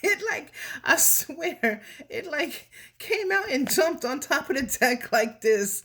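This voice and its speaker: A woman's voice: high-pitched, big pitch swings, slow pace, fairly bright tone. A woman doing a casual, emotional tarot reading for her viewers, chatty and slipping in Spanish words. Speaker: tarot reader.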